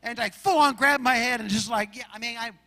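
A man from Arizona preaching a sermon as pastor, telling stories in an animated way and acting out shouts and roars. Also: very high-pitched, a little fast, big-room sound. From Arizona, USA.

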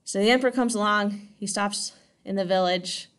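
A woman's voice: medium pitch, moderate pace, fairly bright tone, smooth. Woman teacher telling history casually, keeps asking right? okay?, mid voice. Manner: chatty, checks in with 'right?' and 'okay?'. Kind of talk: casual classroom lecture.

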